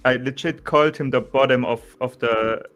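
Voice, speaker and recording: Casting note: young German-accented man, easygoing chat, frequent restarts, mid-pitched. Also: moderate pace. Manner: relaxed, restarts often, says "bro" and "you know". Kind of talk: casual chat.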